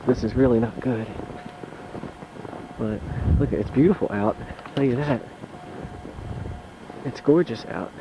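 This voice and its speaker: A man casually narrating his home video on a handheld camcorder as he walks outdoors through deep mountain snow. He talks in a chatty, wry way and curses mildly. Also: measured pace, long pauses, noisy background. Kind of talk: casual narration while filming.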